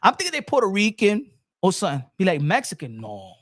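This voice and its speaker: High-pitched, animated male host. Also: fast talker. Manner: animated, rambling storytelling with many restarts. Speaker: boxing channel host. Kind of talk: casual chat.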